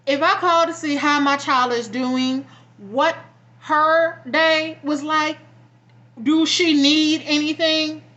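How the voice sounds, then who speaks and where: Young woman venting, high bright voice. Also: steady tone, takes it slowly, lo-fi sound. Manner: frustrated, blunt, profane venting. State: near tears. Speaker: vlogger. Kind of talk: emotional personal vlog rant.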